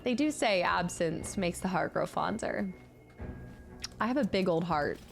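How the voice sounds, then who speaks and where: A woman's voice: lowish voice, expressive, measured pace, creaky, faint music behind. Chatty woman streamer, late twenties. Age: late 20s. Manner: chatty, reacts to chat, laughs often. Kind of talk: casual gaming livestream chat.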